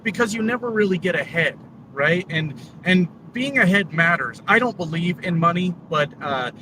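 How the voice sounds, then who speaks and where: A man's voice: sits high, animated, moderate pace. A man talking to his viewers while driving his truck, rambling with lots of fillers. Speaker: trucker YouTuber. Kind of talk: casual vlog while driving. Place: truck cab on the road. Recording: distant mic, road noise.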